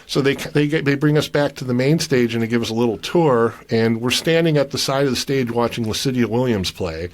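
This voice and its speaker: Animated Midwestern man telling a bar story. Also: mid-range voice, a little fast, few pauses. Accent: Midwestern American. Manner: animated, profane, acts out voices in anecdotes. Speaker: pub owner guest. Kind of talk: casual storytelling.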